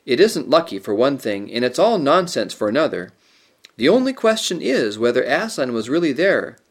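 A man's voice: mid-range voice, sing-song, normal speed, voice pushed up. A man voicing the eldest boy, a reluctant young king, in a storybook reading, firm and reasoning.

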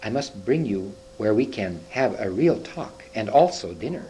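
A man doing a hoarse whispering beaver. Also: on the low side, lively intonation, normal speed, slight background noise, close to an everyday voice, poor audio. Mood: hushed urgent. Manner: hushed and urgent. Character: timid secretive male beaver, whispering. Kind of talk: reading a storybook aloud.

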